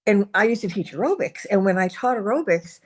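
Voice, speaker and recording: A woman's voice: mid-range voice, expressive, fairly quick, darkish tone. A woman hosting a casual interview, talking in a conversational way. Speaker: interview host.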